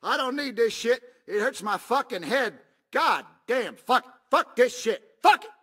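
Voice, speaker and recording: A man's voice: extremely high pitch, lively intonation, unhurried, bright, forceful tone, husky, full character voice. A man voicing a foul-mouthed, hot-tempered repairman in a video game, ranting and cursing to himself.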